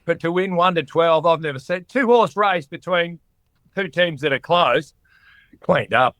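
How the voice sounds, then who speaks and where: A man's voice: on the high side, a little slow, a bit bright, no echo. A man from Queensland, a regular guest in a casual sports chat, teasing and boisterous.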